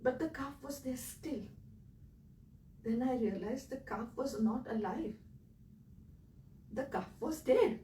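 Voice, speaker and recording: A woman with an Indian accent, telling her own story in an earnest, emotional way that swings between loud and quiet. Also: on the high side, slow, pauses often, echoey room, recorded from a distance, a little hiss or hum, poor audio. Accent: Indian English. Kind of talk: personal storytelling talk.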